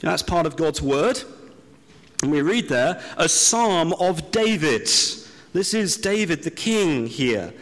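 A man from Britain preaching a sermon, telling a self-deprecating story with slow, drawn-out pauses. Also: a little high, animated, fairly bright tone. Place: church hall. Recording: long hall reverb.

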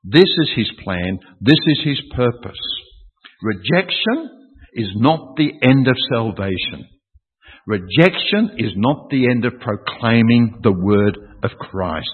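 A husky-voiced man delivers a sermon, pressing his points with repetition and rhetorical questions. His voice rings through a large hall with a long, trailing reverb. The sound is thin and tinny, like a phone line. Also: medium pitch, very animated, slow pace. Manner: emphatic, repeats key phrases and asks rhetorical questions. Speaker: preacher.

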